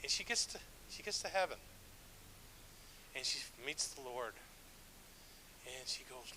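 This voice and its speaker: A man's voice: mid-range voice, lively intonation, measured pace, pauses often, pushed and bright, slight background noise, poor audio. A middle-aged man, a church elder, preaching a sermon with stories in a conversational, self-deprecating way, with frequent restarts. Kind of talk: sermon with storytelling.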